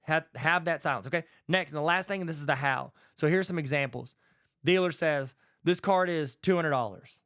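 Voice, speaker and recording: A man's voice: fairly high pitch, normal speed, fairly bright tone. A man hosting a solo podcast, talking in a folksy, conversational way and acting out bits of dialogue. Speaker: podcast host and educator. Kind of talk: casual solo podcast talk.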